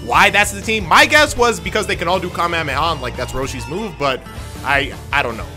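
A man playing a fighting game with friends, joking loudly and yelling during fights. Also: fairly high pitch, expressive, fairly quick. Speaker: gaming YouTuber playing co-op. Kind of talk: excited gameplay banter. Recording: gameplay music loud behind.

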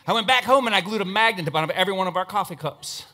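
A man's voice: high-pitched, rapid-fire. A man giving a humorous motivational talk on stage, joking with the audience and bringing up a volunteer. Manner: animated, joking, playful asides to the audience. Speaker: motivational speaker and magician. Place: stage before a live audience.

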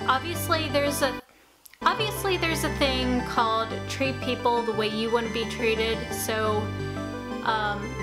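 Woman, young adult, casual vlog, rambling, self-correcting, unhurried, somewhat high voice. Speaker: YouTube vlogger.

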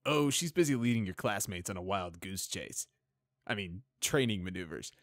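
A man's voice: low-pitched, lively intonation, moderate pace, a bit bright, no room sound, clean studio sound. A man doing a jovial stallion sergeant. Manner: jovial and teasing. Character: friendly joking stallion sergeant.

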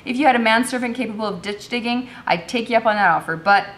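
A woman's voice: a little high, fast, a bit bright, pitched above the performer's own voice. A woman reading a novel aloud, voicing a tired, formal male army colonel. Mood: weary. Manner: weary, formal.

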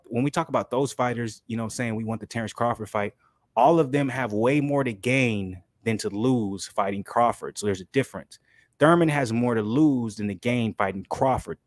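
A man hosting a casual boxing commentary vlog, animated and opinionated, swearing freely. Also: medium pitch, no room sound, studio quality. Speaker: boxing channel host.

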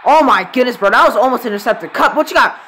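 Animated young guy ranting over football. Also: very high voice, fast, a little hiss or hum. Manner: profane, exasperated, says "bro" constantly. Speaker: channel host reacting to a football game. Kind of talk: live sports reaction commentary.

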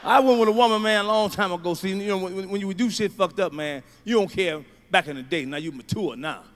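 A middle-aged man doing a stand-up comedy routine, telling profane stories that swing from low mutters to loud shouts. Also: a little fast. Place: large comedy venue stage. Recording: live show, faint crowd ambience.

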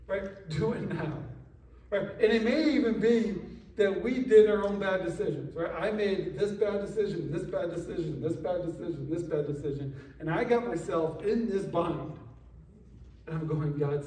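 A man's voice: high voice, mellow. A man preaching a sermon in a casual, conversational way, with frequent asides to the congregation. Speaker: pastor. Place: church sanctuary. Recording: echoey church sanctuary, mic at a distance.

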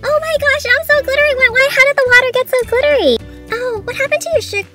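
A woman's voice: very high voice, fast, pitched above the performer's own voice. A woman voicing a giddy little girl baby doll in a toy play video, squealing and gushing in a sing-song way. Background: music.

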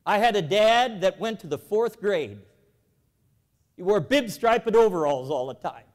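High-voiced folksy man preaching in a hall. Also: a little slow. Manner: folksy storytelling, animated with emphatic calls to the audience. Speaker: convention speaker, former bank president. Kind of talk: evangelical convention address. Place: large auditorium. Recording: hall reverb from a large auditorium.

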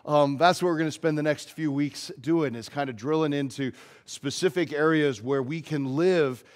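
Casual storytelling pastor, slightly high voice. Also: male voice, normal speed. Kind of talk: sermon. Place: church.

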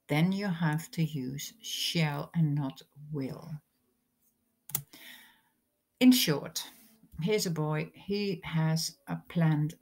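A woman's voice: deep voice, creaky, darkish tone, husky. A woman, a teacher patiently explaining English grammar in a recorded lesson. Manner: slow, patient explaining with examples.

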